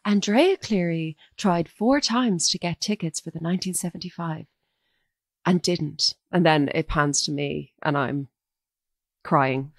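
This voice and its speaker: An Irish woman co-hosting a music podcast in casual chat, animated and emphatic with strong opinions. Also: on the low side, a little slow, no echo, studio quality. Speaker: podcast co-host.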